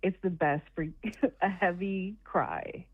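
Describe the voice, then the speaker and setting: A woman's voice: fairly low pitch, slow, dry recording. A woman calling in to a live show, chatty and laughing between remarks. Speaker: caller. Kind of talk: casual chat. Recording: tinny phone-like call line.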